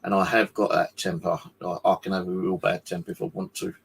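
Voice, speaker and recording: A man's voice: low-pitched, little pitch movement, fairly quick, gravelly, slightly rough. A man, talking casually to camera at home, rambling and swearing in an aggrieved way. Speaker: vlogger. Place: home flat indoors.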